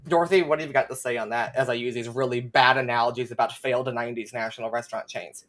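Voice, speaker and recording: A young man talking as a guest on a live chat, animated and sarcastic, with frequent profanity and laughter. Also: medium pitch, quick pace.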